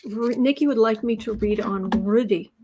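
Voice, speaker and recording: A woman's voice: medium pitch, moderate pace, dark tone, a little hiss or hum. Chatty, sarcastic American woman streamer. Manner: chatty, sarcastic, mocking asides. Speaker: tarot reader livestream host. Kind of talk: casual livestream chat reading viewer comments.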